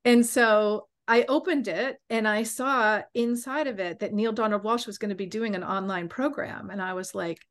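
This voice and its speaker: A woman coach and podcast host telling a personal story in an animated way, acting out the voices of the people in it. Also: medium pitch, moderate pace, few pauses. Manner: animated, acts out quoted voices.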